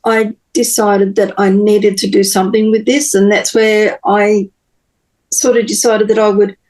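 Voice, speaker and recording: A woman, a podcast guest telling her personal story in an earnest, halting way with many pauses and restarts. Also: mid-range voice, level tone, a little mellow, poor audio.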